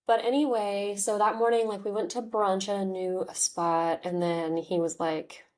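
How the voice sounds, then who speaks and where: A woman's voice: mid-range voice, little pitch movement, a little slow, a little mellow. A woman in her thirties, hosting a podcast and telling a personal story in a chatty, candid way, full of "like"s and "um"s. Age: 30s. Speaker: podcast host.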